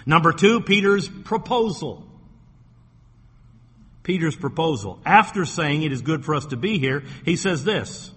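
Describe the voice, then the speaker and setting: Long hall reverb surrounds this preacher, whose fairly high voice is a bit bright with a breathy edge. Delivering a church sermon, he presses his points hard, repeats phrases, and asks the congregation rhetorical questions.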